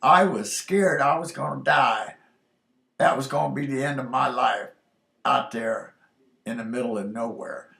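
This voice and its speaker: A man telling a personal story in a halting, earnest way, pausing often on fillers. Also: medium pitch, creaky, sharp tone. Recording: roomy echoey recording.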